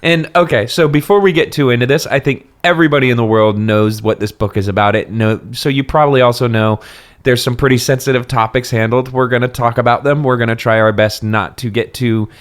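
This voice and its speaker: A man's voice: mid-range voice, steady tone, a little fast. A young man co-hosting a casual comedic book podcast, chatty and self-mocking, laughing often. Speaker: podcast co-host.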